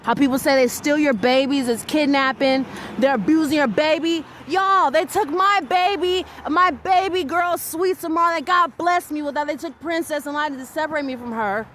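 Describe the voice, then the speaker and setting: High-voiced indignant woman ranting. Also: moderate pace, a bit bright, a little hiss or hum. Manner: indignant, emphatic, rambling, swears. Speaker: mother venting on video. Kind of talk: angry personal rant to camera.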